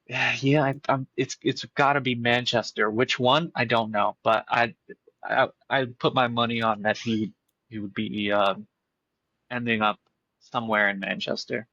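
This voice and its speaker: Podcast dude talking football, kinda muffled dull mic, dry, repeats himself a bit. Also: male voice, mid-range voice, fairly even intonation, measured pace, sharp tone, no echo. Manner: thoughtful, repeats words while forming a point. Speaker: podcast co-host. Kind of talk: casual football chat.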